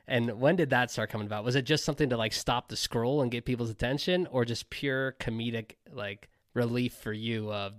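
A podcast host interviews a guest at a brisk pace, affirming each answer, often with "I love that," before moving to the next question. His medium-pitched voice is a bit bright, captured in studio quality with no echo.

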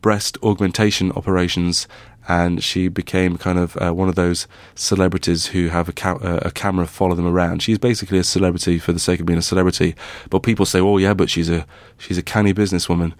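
Low-voiced man chatting on a podcast. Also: flat delivery, brisk, few pauses, no echo. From Derbyshire. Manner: chatty, wry, rambling with fillers. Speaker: podcast co-host. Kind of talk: casual chat.

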